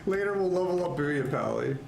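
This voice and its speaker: A man chatting casually on a live game stream, excitable and rambling, laughing often. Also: a little high, brisk, vocal fry. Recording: echoey room with faint ambience.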